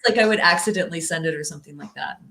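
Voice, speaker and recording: A woman chatting as a podcast guest, telling stories in an animated way and laughing often. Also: sits low, very fast. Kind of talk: casual conversation. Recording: echoey room sound.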